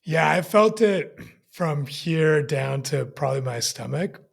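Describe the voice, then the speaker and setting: A man's voice: a little high, animated, unhurried, vocal fry, breathy edge. A man in a podcast conversation, talking thoughtfully and searching for his words as he goes.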